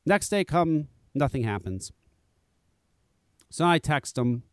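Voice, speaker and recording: Male host, casual profane storyteller, higher-pitched and very expressive delivery. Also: takes it slowly, dry recording. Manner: animated, profane, acts out dialogue.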